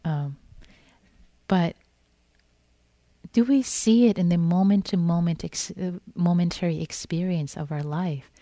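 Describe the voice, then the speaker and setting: A woman meditation teacher giving a gentle, repetitive dharma talk in which she acts out inner thoughts. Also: fairly low pitch, a little slow, long pauses, dry recording. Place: meditation hall.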